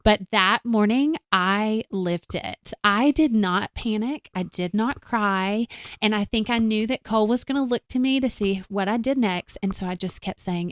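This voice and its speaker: A woman's voice: medium pitch, unhurried, a bit bright, clear, resonant tone, no room sound, clean studio sound. A woman guest in an interview, telling a personal story in an earnest, reflective way, with casual fillers.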